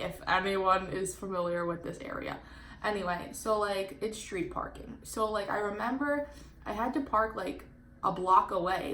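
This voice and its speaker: A young woman in her twenties tells a story for her vlog in a loose, chatty way, leaning on "like" and jumping between thoughts. Her mid-range voice has a gravelly fry to it, and a faint hiss sits under the recording. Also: medium pitch. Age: 20s. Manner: chatty, animated, many "like" fillers. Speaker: vlogger.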